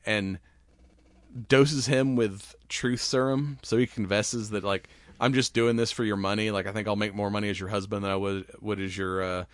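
A man's voice: fairly low pitch, fairly even intonation, moderate pace, clear, resonant tone, no echo. Rambling, laughing man recapping a movie. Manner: rambling, laughs often, swears freely. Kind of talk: casual movie recap chat.

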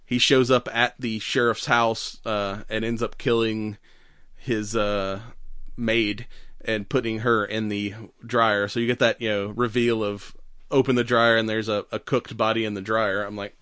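A man's voice: lowish voice, level tone, a little slow, a bit bright, smooth, no echo, studio quality. A man co-hosting a podcast, chatting casually and laughing often as he retells a movie and acts out its lines. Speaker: podcast co-host. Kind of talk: casual chat recapping a movie.

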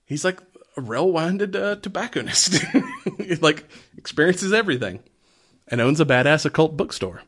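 A man's voice: a little high, expressive, moderate pace, long pauses, fairly bright tone, slightly rough. A man chatting casually about old movies and games, laughing often and swearing freely. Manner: laughing often, loose and profane.

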